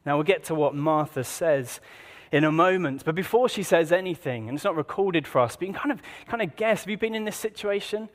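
Relaxed and conversational, a man with a fairly high voice delivers a sermon, often putting rhetorical questions to the congregation. He talks a bit fast with hardly any pauses, and a long reverb suggests a large church hall.

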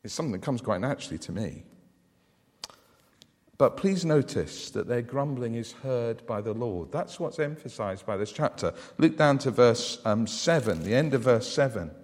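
A man's voice: medium pitch, lively intonation, moderate pace, darkish tone. A man preaching a sermon in a conversational way, often asking the congregation rhetorical questions. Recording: long hall reverb.

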